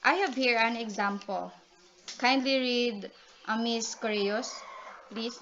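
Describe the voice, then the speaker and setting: Woman reporter explaining poetry to her class, a bit high, dull lo-fi audio. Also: takes it slowly, fairly bright tone, a little hiss or hum. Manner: explanatory, calls on classmates by name. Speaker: student reporter. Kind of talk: class presentation. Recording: dull lo-fi recording.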